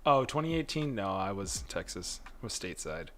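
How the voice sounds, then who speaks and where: A man's voice: fairly low pitch, sing-song, a little fast, background noise. A man hosting a casual livestream chat, rambling along and laughing often. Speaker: host.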